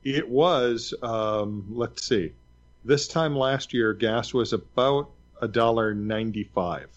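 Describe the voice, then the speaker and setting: A man's voice: medium pitch, takes it slowly, lo-fi sound. Hesitant, wry storytelling man. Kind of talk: casual chat.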